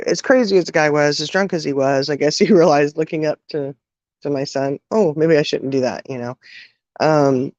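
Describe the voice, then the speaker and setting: A middle-aged woman telling an emotional personal story, halting, with many restarts and fillers. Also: deep voice, a little mellow, dry recording. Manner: halting, full of "you know" and restarts. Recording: dull, dry sound.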